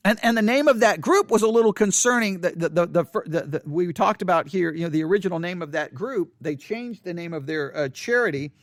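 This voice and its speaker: A man reading from an article and commenting on it in an earnest way, often halting and restarting his sentences. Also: high-pitched, lively intonation, dry recording, studio quality. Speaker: Christian commentator.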